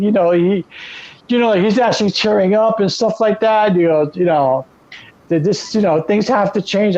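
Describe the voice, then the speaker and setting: A man co-hosting a wrestling podcast, recapping shows in animated, profane storytelling. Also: sits high, moderate pace, lo-fi sound. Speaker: podcast co-host. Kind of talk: casual wrestling chat.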